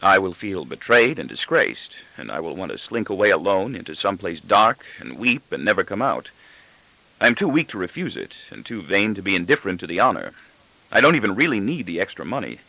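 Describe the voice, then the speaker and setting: A man reading a first-person novel aloud as audiobook narration, expressive and even-paced. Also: deep voice, fairly quick, gravelly, no room sound, low-quality recording. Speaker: audiobook reader.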